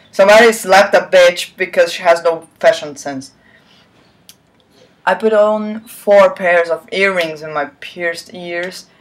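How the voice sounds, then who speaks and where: Slow-reading sarcastic woman mocking a story. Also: lowish voice. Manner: sarcastic asides between read lines; swears and laughs at the text. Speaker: reader of fan fiction.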